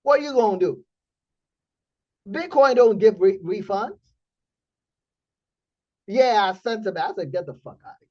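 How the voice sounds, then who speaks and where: A man hosting a trading community stream, telling a story in blunt, animated casual talk with profanity. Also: high-pitched, a little slow, long pauses, muffled recording.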